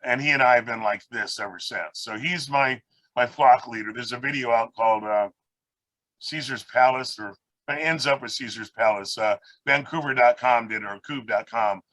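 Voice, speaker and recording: Rambling bright-voiced man on a call. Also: mid-range voice, normal speed, no echo, low-quality recording. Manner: rambling, anecdotal, acts out quoted people. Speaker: guest speaker, parrot rescue founder. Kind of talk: casual storytelling on a video call. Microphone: video call.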